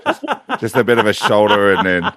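A man's voice: on the low side, a little fast, fairly bright tone, no room sound. A man co-hosting a sports show, joking and teasing in casual chat.

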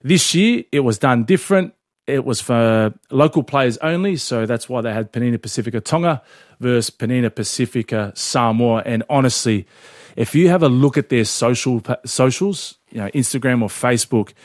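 Male co-host, animated storyteller, dry studio sound. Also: medium pitch, moderate pace, dry recording. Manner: chatty, animated storyteller, laughs often. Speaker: podcast co-host. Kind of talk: casual sports chat.

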